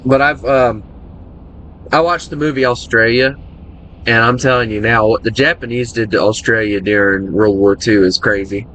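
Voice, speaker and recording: Chatty, bright-voiced American man gaming. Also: mid-range voice, steady tone, moderate pace, slight background noise. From United States. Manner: chatty, joking, rambling. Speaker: gaming streamer. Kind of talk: casual gameplay commentary.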